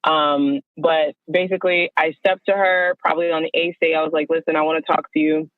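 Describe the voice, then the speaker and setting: A woman guest telling her story on a phone call, animated and acting out the dialogue she quotes. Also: sits low, a little fast, dry recording. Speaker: guest, wardrobe stylist. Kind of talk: casual storytelling over the phone. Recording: tinny phone line.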